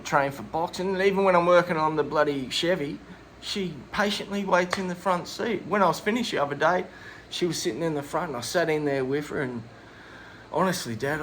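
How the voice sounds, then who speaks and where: A man's voice: medium pitch, a bit bright, slight background noise. A middle-aged Australian man co-hosting a podcast, telling a long comic story with crude slang and laughter. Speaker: podcast co-host. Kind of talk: casual comedic storytelling.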